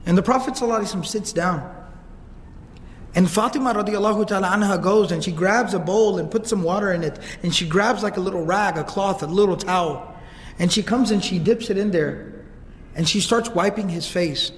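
Brief: animated male preacher, high voice, long reverb of a mosque hall. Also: fairly quick, slight background noise. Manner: animated, repeats words while searching. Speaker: religious lecturer. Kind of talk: storytelling sermon. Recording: reverberant hall, faint ambience.

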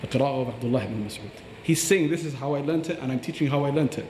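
A man's voice: medium pitch, fast talker, a little mellow, roomy sound, long reverb tail, slight background noise. A man teaching about Quran recitation on a podcast, earnest and explanatory, demonstrating pronunciations aloud.

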